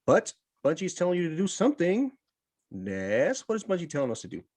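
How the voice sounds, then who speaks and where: Animated male podcast host. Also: high-pitched, brisk. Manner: animated, laughs often, paraphrases the news loosely. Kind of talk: casual chat, reading out game news.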